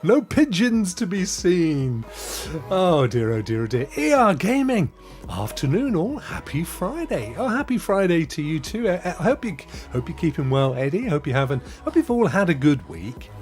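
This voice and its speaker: A chatty man hosting a live stream, his voice sitting a little high and bouncing all over the place as he greets viewers. He keeps it upbeat and laughs easily, with soft music playing underneath. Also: big pitch swings, normal speed. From England. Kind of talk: casual live chat, reading viewer comments.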